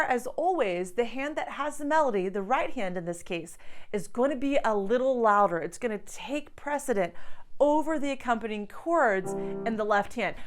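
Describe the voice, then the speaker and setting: A woman teaching piano, explaining step by step in an encouraging way. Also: fairly high pitch. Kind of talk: piano tutorial. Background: piano playing.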